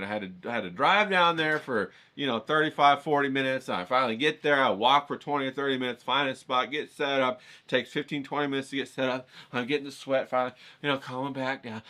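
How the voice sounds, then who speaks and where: Bright-voiced man telling a rambling story. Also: mid-range voice, fast. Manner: rambling, animated, acts out voices. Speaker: painting vlogger. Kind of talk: casual anecdotal storytelling.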